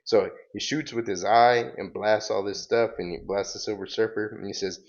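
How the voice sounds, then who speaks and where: A man casually recapping a comic book story in a relaxed, rambling way. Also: lowish voice, normal speed, few pauses, lo-fi sound. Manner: relaxed, rambling with fillers and laughs. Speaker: comic book reader, host.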